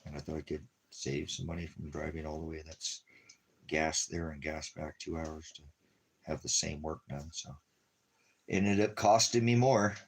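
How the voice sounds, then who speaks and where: A ministry vlogger speaks in a creaky bass voice that's a bit bright with a breathy edge, keeping a completely flat delivery at a moderate pace. His rambling monologue covers money and leaving town, punctuated by bursts of doting baby-talk to his dog.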